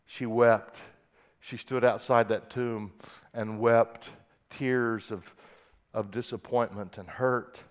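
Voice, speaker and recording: A man preaching a sermon who reads scripture aloud and swings from quiet, soft passages to loud, impassioned peaks. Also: mid-range voice, fairly even intonation, slow. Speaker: pastor.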